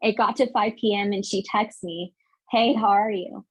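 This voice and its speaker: A woman guest on a roundtable podcast, telling a story in an animated way and laughing at herself. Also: mid-range voice, normal speed, husky, poor audio. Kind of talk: casual storytelling.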